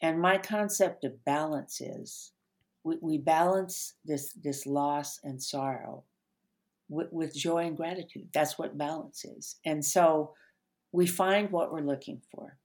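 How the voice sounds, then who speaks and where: An older woman, an author and therapist, talking gently and unhurriedly in an interview, her sentences trailing off softly. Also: low-pitched. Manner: gentle, unhurried storyteller with soft trailing endings. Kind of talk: reflective interview talk.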